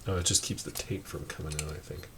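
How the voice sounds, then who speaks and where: A man's voice: rumbling low, steady tone, quick pace, background noise. A man casually thinking aloud as he tinkers with a machine, muttering and rambling to himself, recorded through a webcam microphone. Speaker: streamer tinkering with a VCR.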